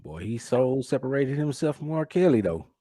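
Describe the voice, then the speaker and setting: A man's voice: mid-range voice, big pitch swings, normal speed, dark tone, no room sound, clean studio sound. A man chatting casually on a livestream in a laid-back, slangy way. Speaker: livestream guest.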